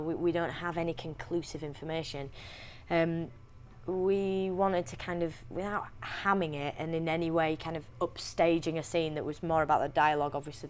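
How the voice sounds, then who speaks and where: A young woman with a Yorkshire accent, chatting in an interview as an actress, talking freely with restarts and quick laughs. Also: sits low, a little hiss or hum. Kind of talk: casual interview chat.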